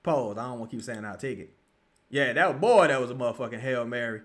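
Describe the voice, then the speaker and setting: Profane ranting man, lively swings. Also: mid-range voice, fast talker. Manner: profane, frustrated ranting with sudden loud outbursts. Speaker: streamer reacting to a live game. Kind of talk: live game reaction, watch-along.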